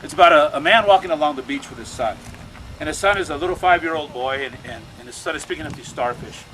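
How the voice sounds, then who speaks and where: Fast-talking man giving an outdoor speech. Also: on the high side. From United States. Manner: storytelling, repeats words, urgent. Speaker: activist speaking at a rally. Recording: noisy outdoor recording.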